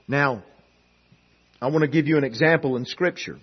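A man preaching a sermon, swinging from loud emphatic peaks to hushed, quiet passages, with frequent restarts and repeated words. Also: medium pitch, moderate pace, pauses often, husky, highs cut off.

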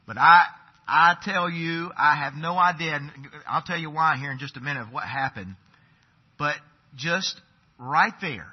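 A middle-aged man preaching, his voice a little high and husky. He tells a story in a folksy, conversational way, calling his listeners folks. The recording sounds dull and lo-fi. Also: a little slow. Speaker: pastor. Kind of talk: sermon storytelling.

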